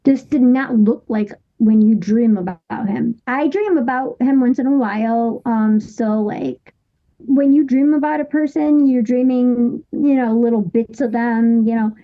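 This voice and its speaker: A woman in her thirties recounts a personal story as an interview guest, her voice high and her pace slow and drawn out. She talks haltingly, stopping and restarting often. The recording sounds dull and lo-fi. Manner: halting, with many restarts and fillers.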